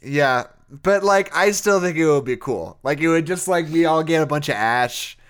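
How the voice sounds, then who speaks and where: Casual male podcast host, rambling, with a lively, swinging pitch. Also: normal speed, clear, resonant tone. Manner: laid-back, rambling, laughs often. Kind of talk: casual chat.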